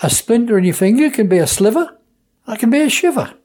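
Mellow husky man with a Norfolk accent. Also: very high-pitched, expressive, quick pace. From Norfolk, England. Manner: enthusiastic, explanatory, playful with pronunciations. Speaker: dialect society member. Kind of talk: interview answers.

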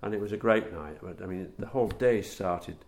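A middle-aged man, a former footballer, recalling anecdotes in a relaxed interview, chuckling at his own stories. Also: lowish voice, a little fast. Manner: warm storyteller, chuckles at his own tales.

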